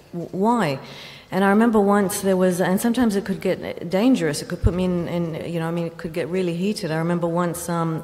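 A woman journalist on a festival panel, recounting her reporting in a measured way with pauses. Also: lowish voice, darkish tone. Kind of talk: panel discussion. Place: large festival hall. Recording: long reverb of a festival hall.

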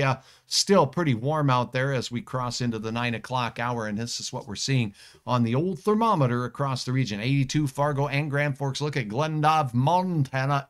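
A middle-aged man, a meteorologist, hosting a live weather stream in a folksy, jokey way, reading viewer comments aloud. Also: mid-range voice.

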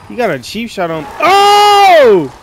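Casual game streamer, male, high voice, slang-heavy commentary. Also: unhurried, a little hiss or hum. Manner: slangy, excitable, yelps when startled. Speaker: gaming streamer. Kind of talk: casual let's-play commentary. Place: dark room at night.

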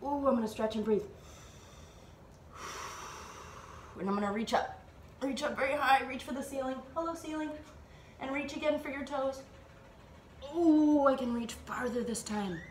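A woman teacher guiding children through a slow, playful yoga flow with animal sounds, recorded at home. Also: high voice, echoey room, slight background noise. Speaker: Montessori teacher leading kids' yoga. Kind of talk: gentle guided yoga instruction for children. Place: at home, dog nearby.

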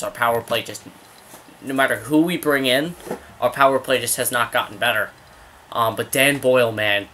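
A young man hosts a gaming video, casually commentating his own hockey video game and rambling between excited outbursts at the plays. His voice is mid-range, and there's a little hiss or hum.

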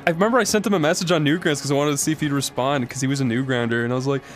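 A man hosting a let's-play, chatting crudely and jokingly, often slipping into high put-on voices. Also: steady tone, rapid-fire. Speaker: gaming channel host. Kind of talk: casual let's-play banter.

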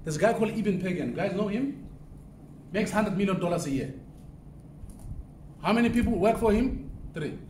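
A man from southern Africa speaks as a keynote speaker at a conference, talking in a high voice and putting questions to the audience as he goes. He is picked up from a distance, so his voice sounds roomy, with faint noise in the background. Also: lively intonation, moderate pace, long pauses, mellow. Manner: conversational, asks the audience questions. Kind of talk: motivational business talk. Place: conference room, live audience. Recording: echoey room from off-mic.

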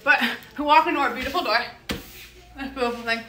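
A woman's voice: high-pitched, brisk, bright, forceful tone, roomy sound, slight background noise. A young woman giving a giggly, rambling hotel room tour to a friend's camera. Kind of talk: casual vlog chat.

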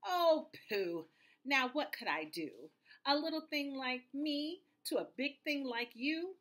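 A woman's voice: high voice, expressive, measured pace, fairly bright tone, pitched above the performer's own voice. A woman reading aloud, voicing a cheeky little gray male mouse who teases. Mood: teasing. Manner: teasing, playful.

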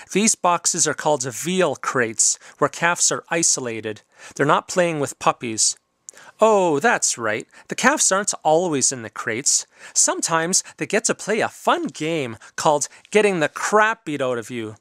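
Male vlogger, lively high voice, sarcastic picture-book reader, dry close sound. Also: a little slow, no echo. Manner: mock-cheerful storybook reading turning sarcastic; says the moos in a loud voice. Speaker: vlogger reading a children's book. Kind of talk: sarcastic read-aloud commentary.

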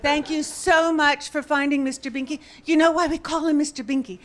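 A woman comedian doing stand-up storytelling on a club stage, wry and deadpan, rising to exasperated bursts. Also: sits high, brisk. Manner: deadpan, wry delivery that rises to exasperated outbursts. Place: comedy club stage before a laughing audience.

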